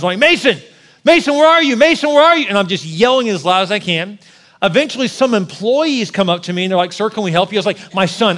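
A male pastor in his forties preaches at a quick clip in a high voice. He tells personal stories, jokes with the congregation and builds up to loud, animated peaks. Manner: animated, rising to shouting at peaks.

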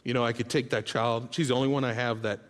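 A man preaching a sermon, telling family stories with lively bursts and then dropping to a hushed, earnest tone. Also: medium pitch, fast talker. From Bahamas. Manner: storytelling, swings from loud animated bursts to hushed earnest tones. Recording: long reverb of a large hall.

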